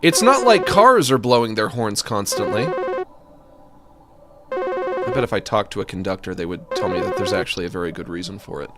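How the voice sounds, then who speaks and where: A man's voice: fairly low pitch, expressive, normal speed, pauses often, loud music behind the voice. A man casually commenting while playing a game on stream, jokey and rambling. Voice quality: jokey, rambling, slips into silly voices.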